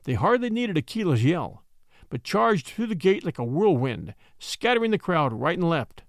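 Rich: An expressive male storyteller reading a classic tale aloud, his pitch lively and sitting a little high for a man. The recording is close and dry. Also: normal speed, dry recording. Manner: expressive, acts out the voices. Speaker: narrator. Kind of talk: storybook narration.

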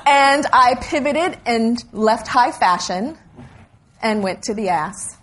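Middle-aged woman interview guest, animated storyteller, laughs a lot, faint room hum. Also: on the high side, takes it slowly. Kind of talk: conversational interview.

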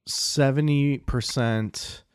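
A man co-hosting a podcast in casual chat, rambling with lots of fillers and drawn-out phrasing, talking from a room at home. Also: medium pitch, steady tone, clean tone, no echo, clean studio sound. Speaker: podcast co-host.

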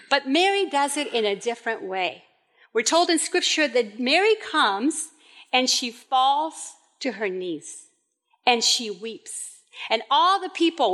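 A woman preaching a sermon, telling the story in a lively way and acting out the quoted voices. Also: high voice.

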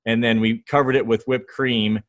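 A man in his thirties, a guest in an interview, telling lively stories about his kids and acting out their quotes. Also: medium pitch, normal speed, no room sound. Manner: enthusiastic storyteller, acts out quotes. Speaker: guest, fatherhood author and founder. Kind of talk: conversational interview storytelling.

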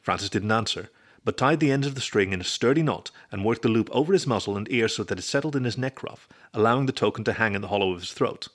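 A man reading a story aloud as narrator in a steady storybook manner. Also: on the low side, fast. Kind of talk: scripted narration.

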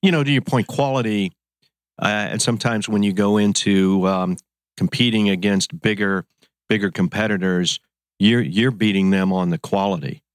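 A man's voice: fairly low pitch, moderate pace, dry recording, studio quality. A man hosting a casual interview, asking questions in an easygoing, jokey way. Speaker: podcast host.

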